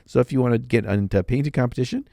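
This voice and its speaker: A man's voice: medium pitch, very fast, vocal fry, warm tone, no echo, clean studio sound. A man co-hosting a hobby podcast in casual chat, jokey and loose. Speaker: podcast co-host.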